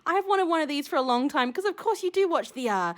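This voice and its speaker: A young woman, casually unboxing shells in her vlog and gushing with rambling excitement. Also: high-pitched, fast talker. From Australia. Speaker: shell-collecting vlogger.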